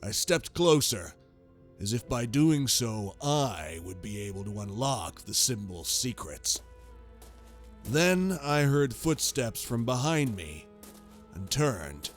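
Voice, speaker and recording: A man narrating a sci-fi horror story in a grave, measured way. He takes his time over every line, and faint music plays underneath. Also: medium pitch.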